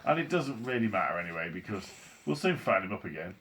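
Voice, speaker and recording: An eccentric chocolate maker rattles on in a breezy, playful way, as a man reads him. His low voice lilts with lively rises and falls, a whimsical storybook figure. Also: fast talker. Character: eccentric cheerful chocolate maker, brisk and airy.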